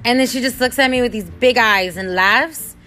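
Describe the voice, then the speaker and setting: A woman hosting a podcast, telling a personal story in a casual, animated, expressive way. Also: a little high, moderate pace. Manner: animated, expressive, acts out quotes. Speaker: podcast host.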